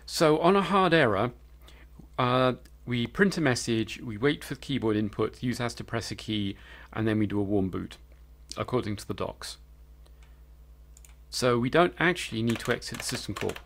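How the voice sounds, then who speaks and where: A man's voice: medium pitch, expressive, normal speed, a bit bright. A man giving live coding commentary as a programmer, thinking aloud and hesitating with fillers.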